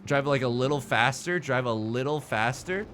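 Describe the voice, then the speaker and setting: A man streaming a building game live, thinking aloud in an excitable, joking way and swearing at his own designs. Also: medium pitch, normal speed, faint music behind. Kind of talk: live gameplay commentary.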